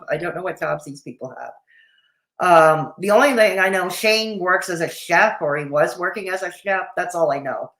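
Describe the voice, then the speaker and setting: A woman's voice: lowish voice, a bit bright, roomy sound. A woman hosting a casual reaction chat, blunt and dismissive, with the hiccups. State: has the hiccups. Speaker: commentary channel host.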